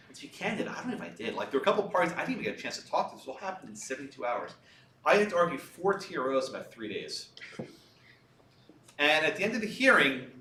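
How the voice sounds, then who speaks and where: A man, a lawyer, giving a talk and telling a story from his own cases in a lively, anecdotal way, laughing at parts of it. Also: mid-range voice, reverberant, far from the mic, slight background noise. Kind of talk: storytelling lecture. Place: lecture room.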